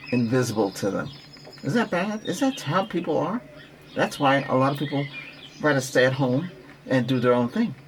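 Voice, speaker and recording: A man who practices Reiki, giving a rambling relaxation talk with breathing guidance, repeating himself and coaching gently. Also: medium pitch, slight background noise.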